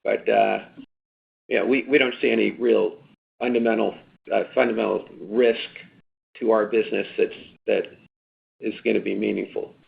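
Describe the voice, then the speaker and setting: A man's voice: on the low side, fairly even intonation, moderate pace, vocal fry, pauses often, husky. A man, a company executive, answering analysts' questions on an earnings call in an emphatic, repetitive way, often adding "right?". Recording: tinny phone line.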